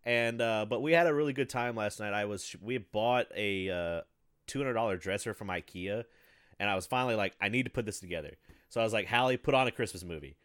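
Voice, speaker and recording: A man in his thirties chatting casually, telling rambling profane stories with bursts of loud laughter. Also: fairly low pitch, brisk, smooth, no echo, studio quality. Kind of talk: casual chat.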